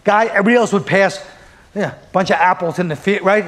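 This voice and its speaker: High-voiced profane stand-up comedian. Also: male voice, steady tone, fairly quick, fairly bright tone, a little hiss or hum. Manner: rambling, profane, sardonic riffing with acted-out quotes.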